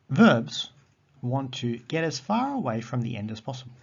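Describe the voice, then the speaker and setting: A man teaching a recorded grammar lesson, explaining patiently and repeating words slowly. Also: mid-range voice, sing-song, gravelly, husky. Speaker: Greek teacher. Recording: dull lo-fi audio.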